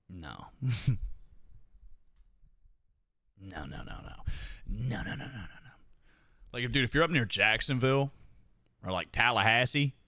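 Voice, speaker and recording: A man with a Southern US twang chats loosely with his viewers. He swears freely, laughs often and lets his pitch swing widely. His voice is close on the mic and sounds dry. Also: bright, forceful tone, dry recording. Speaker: streamer. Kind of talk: casual chat with viewers.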